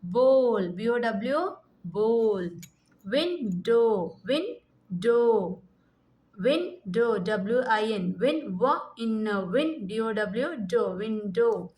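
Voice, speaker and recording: A woman's voice: fairly high pitch, expressive, extremely slow, a little mellow. A woman with an Indian English accent teaching a phonics lesson, sounding out letters and repeating each word. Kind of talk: slow classroom phonics lesson.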